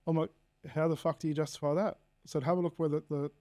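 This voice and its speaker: Australian guy in his 30s, slightly high but mellow voice, blunt and profane guest storyteller. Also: little pitch movement, fast. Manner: blunt, swears freely, acts out quoted dialogue. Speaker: podcast guest. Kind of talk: candid personal storytelling.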